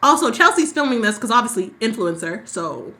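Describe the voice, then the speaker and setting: A bright-toned woman with a slightly high voice. She chats her way through a soap opera recap and slips into the characters' lines with sass. The feel is loose, casual podcast banter. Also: brisk. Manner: animated storyteller who acts out characters' lines. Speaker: podcast co-host.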